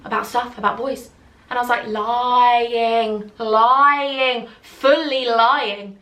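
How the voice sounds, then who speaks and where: A woman's voice: on the high side, fairly even intonation, takes it slowly, bright, forceful tone. A young woman telling a funny story to camera in a chatty, giggly way, acting out what others said. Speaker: beauty vlogger. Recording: echoey room.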